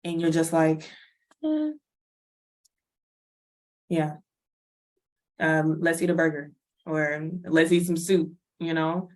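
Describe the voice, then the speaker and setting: A woman presents a wellness workshop as a casual lecture, chatty and laughing often as she acts out little everyday scenes. Her deep voice is a little mellow, with a flat delivery at a measured pace.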